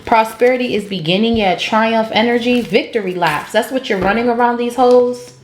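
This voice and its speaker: Blunt, cursing tarot reader, woman, highish voice, roomy echo with soft music under. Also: moderate pace, a little hiss or hum. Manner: blunt, profane, sings song snippets. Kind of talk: casual tarot reading. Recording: echoey room with faint music.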